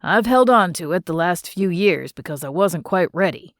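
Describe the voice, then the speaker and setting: A woman narrator voicing a gentle, grieving old man near eighty who talks in a slow, wistful way. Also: lowish voice, expressive, no room sound, studio quality. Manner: slow, wistful, fond teasing.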